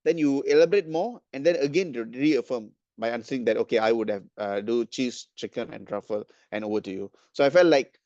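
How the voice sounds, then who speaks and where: A man's voice: mid-range voice, dark tone, no room sound, highs cut off. A man evaluating speeches at a club meeting, hesitant, with many fillers and restarts. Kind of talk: giving spoken feedback at a club meeting.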